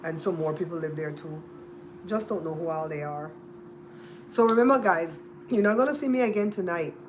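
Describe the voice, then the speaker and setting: A woman's voice: fairly low pitch, moderate pace, background noise. A woman with a Belizean accent, hosting a casual livestream, chatting with viewers and repeating and spelling out names. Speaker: livestream host. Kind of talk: casual live-stream chat with viewers.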